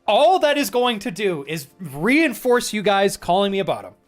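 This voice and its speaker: A man's voice: sits high, sing-song, moderate pace, faint music behind. A man streaming live, chatting casually with viewers, reading their messages and laughing often in mock indignation.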